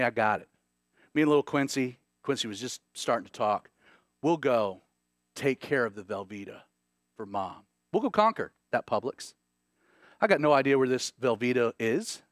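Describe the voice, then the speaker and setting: A man in his thirties preaching with a high, very lively voice that leaps up for emphasis and drops low when he tells a story. The sound is close and dry, with no room echo. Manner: animated, swings from loud emphatic points to hushed storytelling. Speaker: pastor. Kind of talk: sermon.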